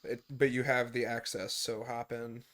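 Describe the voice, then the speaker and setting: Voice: mid-range voice, normal speed. Chill podcast host spinning stories, cursing constantly, doing everyones voices. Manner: animated storyteller, swears freely, voices people in the story. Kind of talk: casual podcast chat and storytelling. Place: room at home on a voice chat.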